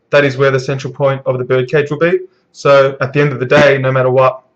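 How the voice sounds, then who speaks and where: A man giving a casual live manga reaction in a middle-pitched voice, rambling and swearing with plenty of fillers. The sound is dull and lo-fi, as if from a cheap mic. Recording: dull lo-fi recording.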